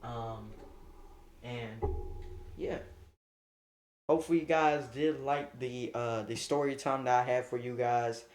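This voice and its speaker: A young man on a phone live stream, telling a story in a profane, animated way and acting out what people said. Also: medium pitch, slow, long pauses, slight background noise.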